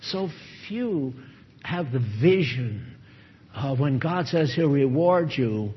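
Slow yet animated, with a breathy edge in a mid-range voice, an older male pastor preaches through rhetorical questions and repetitive emphasis. The recording is dull and lo-fi.

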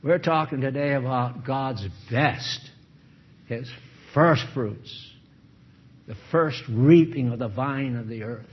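A man's voice: medium pitch, slow, husky. An older man, a pastor, preaching a sermon full of rhetorical questions and repeated lines. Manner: rhetorical questions, repetitive emphasis. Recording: dull lo-fi recording.

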